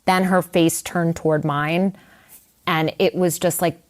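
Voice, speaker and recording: Middle-aged woman writer, interview guest, candid storyteller, slightly low voice. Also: steady tone, unhurried. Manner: candid, conversational, lots of fillers and asides.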